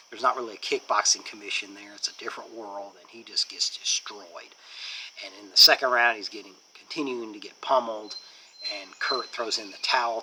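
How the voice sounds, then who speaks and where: Man, low-pitched, sharp and forceful tone, casual rambling film review, lots of fillers. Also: slight background noise, rough recording. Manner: rambling retelling with many fillers. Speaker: movie reviewer. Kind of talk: casual plot recap.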